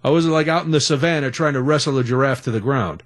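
A middle-aged man hosting a radio talk show, telling a story in a chatty, animated way. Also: medium pitch, fast. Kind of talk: casual storytelling.

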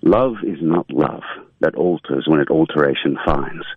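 A man putting on a British accent to recite a sonnet in a measured, theatrical way over a tinny phone line. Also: very deep voice, husky, no echo, voice pushed down, full character voice. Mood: solemn. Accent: British (put on).

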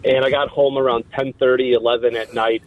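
A man calling into a radio show and telling an anecdote in a relaxed, amused way. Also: medium pitch, a little fast, no echo. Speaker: caller. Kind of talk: phone-in call. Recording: tinny phone line.

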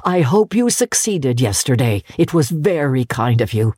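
A woman's voice: rumbling low, big pitch swings, moderate pace, darkish tone, no room sound, clean studio sound, heavily acted. A woman voicing a joyful old man, a reformed miser who is eager and effusive. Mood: eager, earnest.

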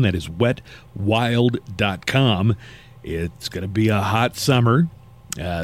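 A man from East Texas hosting a morning radio show, easygoing and chatty, with loose fillers between forecasts and segments. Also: on the low side. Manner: easygoing, laughs often, drawn-out fillers. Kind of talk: casual morning radio chat.

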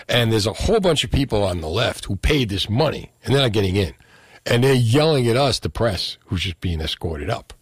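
Chatty radio host, low voice. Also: male voice, no room sound. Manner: chatty storyteller, quick asides. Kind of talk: casual call-in radio talk.

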